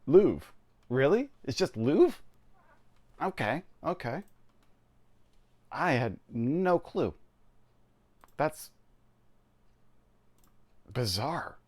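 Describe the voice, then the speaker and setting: A man's voice: medium pitch, very animated, extremely slow, long pauses. A man from Canada streaming a game, chatting casually, laughing often and poking fun at himself. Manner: chatty, laughing, self-deprecating. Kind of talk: casual gameplay chat.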